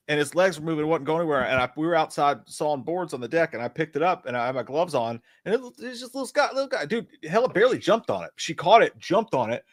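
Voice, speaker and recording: A man's voice: fairly high pitch, no room sound. A man co-hosting a casual movie livestream, swearing casually and teasing his friend over a video call. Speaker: podcast co-host.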